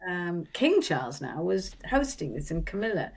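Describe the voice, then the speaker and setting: A woman, an actress guest, talking casually in an interview, animated, often laughing and restarting her sentences. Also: lowish voice, normal speed, vocal fry, husky.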